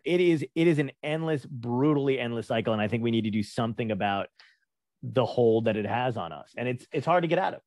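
A man's voice: medium pitch, fast talker, no echo. An American man with a mid-range voice rants on a podcast, loose and profane. The sound is dry and close, with no room around it. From United States. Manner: profane, animated ranting. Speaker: comedian guest. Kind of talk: casual podcast conversation.

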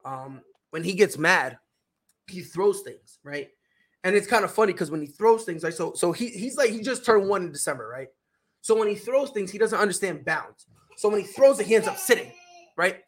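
A young adult woman hosting a sports podcast, telling stories in an animated, slangy way with lots of restarts and tag questions. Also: mid-range voice, moderate pace. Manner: animated storyteller, slangy, full of restarts and "right?". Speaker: podcast host. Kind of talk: casual sports chat.

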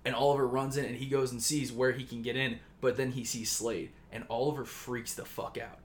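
A man chats casually, telling a long story with plenty of swearing. He rambles and jumps in to act out the characters' lines. His voice sits at an ordinary middle pitch. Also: level tone, brisk. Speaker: podcast co-host pitching a story.

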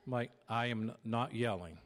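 With a mid-range voice and a moderate pace, a man in his fifties preaches as pastor. His volume is loud by habit, and he dramatizes arguments at home through vivid storytelling.

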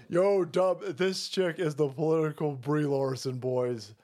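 A foul-mouthed man hosting a stream, mocking and ranting loudly as he stumbles over his words. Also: fairly high pitch, steady tone, unhurried, few pauses. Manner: loud, mocking, foul-mouthed, restarts a lot. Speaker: streamer host. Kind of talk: profane political rant.

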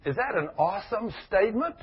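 Husky, lively male preacher on a lo-fi recording. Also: high voice, a little fast, faint music behind. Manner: animated preaching with asides to people in the room. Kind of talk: sermon. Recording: dull lo-fi recording.

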